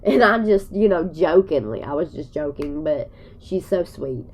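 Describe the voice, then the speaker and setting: A woman's voice: sits low, expressive, moderate pace, darkish tone, slight background noise. A woman vlogger talking to her viewers while crying, in a rambling, folksy way. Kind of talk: emotional personal vlog.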